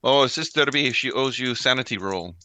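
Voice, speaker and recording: Bright, dry-voiced game player. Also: male voice, medium pitch, animated, moderate pace, no echo. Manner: easygoing, thinking aloud. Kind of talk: casual game chat.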